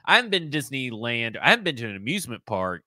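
A man co-hosts a sports podcast in easygoing, casual chat and laughs easily. His voice is bright and forceful, with pitch in the middle range for a man. The sound is dry and close, with no room around it. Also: very animated, rapid-fire, dry recording. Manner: laid-back, chatty, laughs easily.

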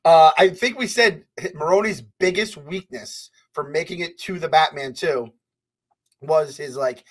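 Slightly high-voiced podcast guy, hyped, rambly, curses a lot. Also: measured pace. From US Northeast. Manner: excitable, swears freely, rambling with fillers. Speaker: podcast co-host. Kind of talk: casual chat.

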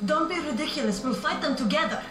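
A snippy scolding game sidekick, highish voice, roomy and far away with music behind. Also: female voice, lively intonation, fast, fairly bright tone. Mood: insistent. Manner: exasperated, cutting. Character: sharp-tongued, scolding female ally. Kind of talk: video game voice acting. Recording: echoey, distant game audio with music.

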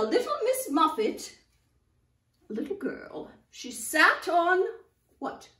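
An older woman presenting nursery rhymes to young children, talking to them in an animated, sing-song way. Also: sits high, reverberant, distant mic. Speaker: children's storyteller in costume.

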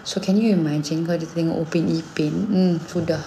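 A Malaysian woman in her thirties chats casually in a low, warm, mellow voice. She tells lively stories and slips between English and Malay mid-sentence. A faint hiss sits behind her. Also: fast talker. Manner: animated storytelling, acting out her son's lines. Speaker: singer and mother. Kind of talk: casual chat.

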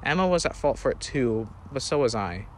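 A man narrates a first-person story in an earnest, plain reading style. His voice has a middling pitch, and he sometimes stops to correct himself. A faint hiss of background noise sits under the voice. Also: expressive, fairly quick.

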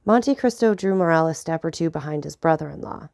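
A woman narrating an audiobook of a classic novel in a steady, clear reading voice. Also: deep voice, fairly quick, no echo, clean studio sound.

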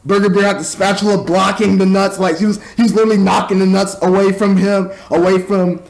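A man's voice: high-pitched, flat delivery, fairly quick, vocal fry. A man casually recapping and reviewing a movie, rambling with stumbling restarts and mocking asides. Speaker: film reviewer.

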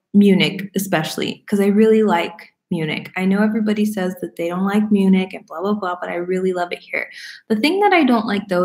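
A young woman from Florida, casually answering viewer questions at home, chatty and animated, laughing often. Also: fairly low pitch. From Florida, United States. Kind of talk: casual Q&A chat. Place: room at home. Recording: roomy echo.

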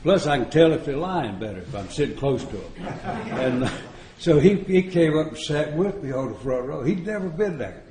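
A man's voice: on the high side, animated, moderate pace, few pauses, crowd noise. Folksy man telling stories in an echoey room. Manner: folksy, joking, chuckles often. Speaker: AA retreat speaker. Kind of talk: storytelling recovery talk.

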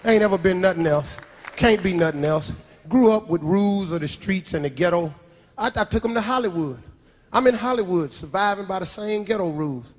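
Loud high-voiced male stand-up comic. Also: brisk. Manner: loud, animated storytelling with shouted punchlines. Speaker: stand-up comedian. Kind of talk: stand-up comedy routine. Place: large theater with live audience. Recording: live stage recording with audience laughter and noise.

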